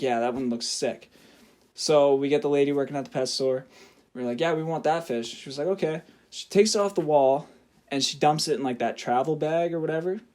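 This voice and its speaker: A young man telling a story on his podcast, his voice sitting a bit higher than most men's. He talks loosely and animatedly, laughs through his own story and swears without a second thought. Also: darkish tone. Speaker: podcast co-host. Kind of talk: casual storytelling.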